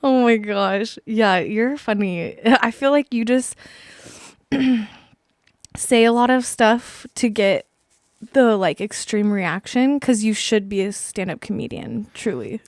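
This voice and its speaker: A woman's voice: mid-range voice, expressive, slow, no room sound, studio quality. A young woman hosting a podcast, chatting casually and laughing easily. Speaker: podcast host. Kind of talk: casual chat.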